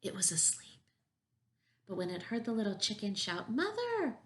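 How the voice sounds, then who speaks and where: A woman reading a picture book aloud at a children's story time as a preschool teacher, gentle and encouraging. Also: mid-range voice, steady tone, moderate pace.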